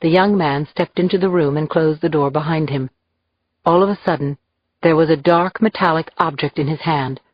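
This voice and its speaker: Woman, audiobook narration, measured, lower voice, dry muffled sound. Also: dry recording. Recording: dull, dry lo-fi recording.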